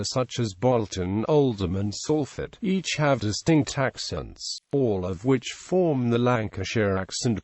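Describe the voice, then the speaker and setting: Low-voiced man reading an encyclopedia article. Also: darkish tone, no echo. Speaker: article narrator.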